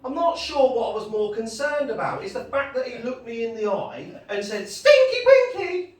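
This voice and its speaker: A man's voice: extremely high pitch, normal speed, slight background noise. A middle-aged man performing a chatty stand-up set in a pub, bantering with the crowd. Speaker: stand-up comedian. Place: pub gig room. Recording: echoey pub room, distant mic.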